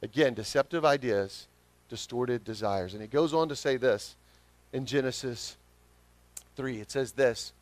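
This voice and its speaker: A man with a Southern accent preaching a sermon as pastor, swinging from quiet reflection to emphatic, rising calls. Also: medium pitch, unhurried, no echo. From Southern United States.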